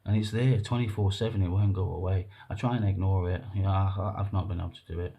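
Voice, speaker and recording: Man, vlogger, mellow warm tone; earnest, rambling, halting delivery. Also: deep voice, fairly even intonation, gravelly. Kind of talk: emotional personal monologue to camera.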